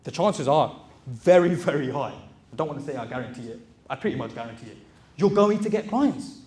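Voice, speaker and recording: A man's voice: mid-range voice, expressive, brisk, a little mellow. A man giving a direct, exhorting motivational talk to a live audience, calling them brothers. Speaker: motivational speaker and recruitment business owner.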